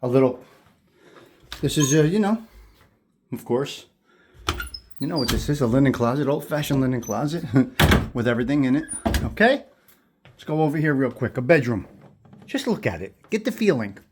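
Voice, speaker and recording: Speaking at normal speed with long pauses, a man with an expressive mid-range voice hosts a walking tour of an old house against a noisy background. He moves from room to room, talking to viewers admiringly and repeating his words.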